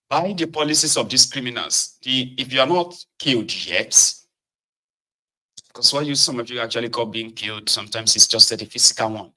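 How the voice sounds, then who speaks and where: Defiant Nigerian man, bright voice. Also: mid-range voice, brisk, rough recording. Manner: impassioned, defiant, lecturing. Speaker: host of political commentary show. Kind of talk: political commentary monologue. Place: own studio.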